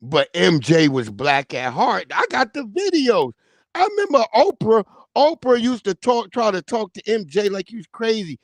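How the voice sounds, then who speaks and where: Guy on a livestream, high voice that jumps all over, super animated and slangy, dry close mic. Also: moderate pace, no echo. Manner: animated, slangy, reads viewer names aloud. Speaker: livestream host. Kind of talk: casual livestream commentary.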